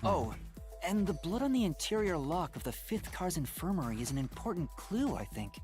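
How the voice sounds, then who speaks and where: A man's voice: a little high, big pitch swings, normal speed. A man voicing an earnest young male detective in a video game, talking through clues in a careful, thoughtful way. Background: game music.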